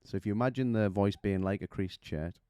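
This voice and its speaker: Man, vocal coach; deep smooth voice, dry close sound, teaching with vivid imagery. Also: fairly quick, mellow, dry recording. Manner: explains with images and rhetorical questions. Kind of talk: vocal technique lesson.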